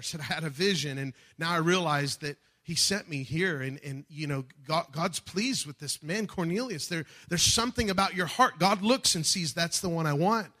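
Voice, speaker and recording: A man preaching a sermon, building from calm teaching to fervent shouted passages. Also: on the high side. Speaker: pastor.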